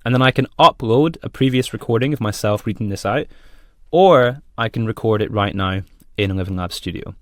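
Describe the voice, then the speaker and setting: A man with a fairly low voice walks through a software demo. His tone is friendly and plainly explanatory, and the sound is dry and close to the mic. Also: a little fast, dry recording. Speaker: product presenter.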